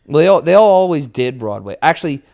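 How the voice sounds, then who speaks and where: A male comedian telling stories in a relaxed podcast chat. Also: on the high side, quick pace. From moved to New York at seventeen. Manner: animated storyteller, shouts when quoting. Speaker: stand-up comedian guest. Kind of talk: casual podcast storytelling.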